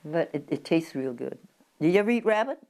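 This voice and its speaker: A woman's voice: low voice, expressive, brisk, warm tone. A woman in her nineties, interviewed at her country home, reminiscing in a chatty, rambling way with frequent restarts. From Oregon, USA. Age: 90s.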